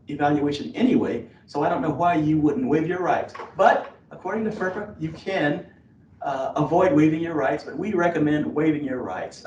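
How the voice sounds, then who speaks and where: A man's voice: a little high, darkish tone, slight background noise. A man speaking as an admissions officer in a webinar, giving earnest advice with many fillers and restarts. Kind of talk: webinar presentation. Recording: roomy, distant, dull lo-fi webinar audio.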